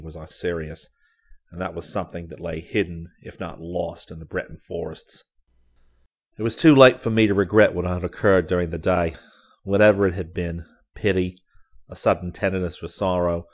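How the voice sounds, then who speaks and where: A man narrating a first-person story in a measured, dramatic reading. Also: sits low, a little mellow. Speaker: audiobook narrator.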